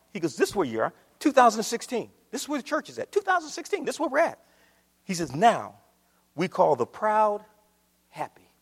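A man preaching a sermon to his church, swinging from quiet, low passages up to loud, shouted ones. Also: slightly rough. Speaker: pastor. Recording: long hall reverb.

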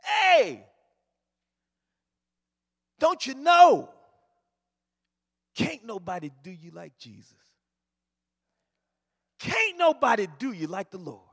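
Preacher doing a high, shouting street man calling out to strangers, echoey hall. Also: big pitch swings, a little slow, creaky, pauses often, breathy edge, heavily acted. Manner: loud, insistent shouting. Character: man shouting on a city street about the Lord.

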